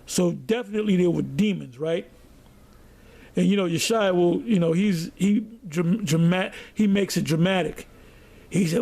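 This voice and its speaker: Man, preaching and storytelling, high voice with a gravelly edge. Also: normal speed, a little mellow. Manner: storytelling, reads scripture aloud. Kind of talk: sermon.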